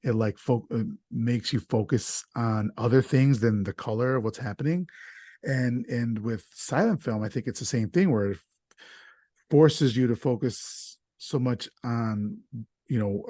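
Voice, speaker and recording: A man's voice: medium pitch, moderate pace, warm tone, no echo, clean studio sound. A man hosting a casual podcast chat, talking loosely and stumbling over names, with an easy laugh. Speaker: podcast host.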